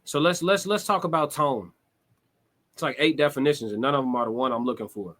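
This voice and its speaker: A man's voice: mid-range voice, fairly quick, fairly bright tone. A man streaming a casual monologue, direct and laid-back, with slangy, conversational talk.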